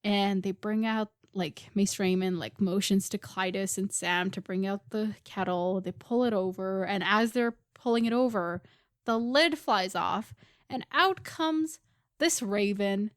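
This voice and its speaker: A woman's voice: medium pitch, clear, resonant tone, dry recording, clean studio sound. A woman co-hosting a podcast, casually recapping a book chapter and acting out bits of dialogue with little laughs. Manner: chatty recap with quick acted-out quotes and laughs. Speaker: podcast co-host.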